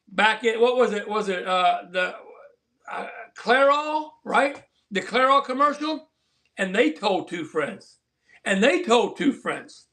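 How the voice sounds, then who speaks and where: A man's voice: high-pitched, bright, forceful tone. A man hosting a live stream, chatting in a rambling, earnest and preachy way to his viewers. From southern Colorado. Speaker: livestream host. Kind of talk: casual livestream chat.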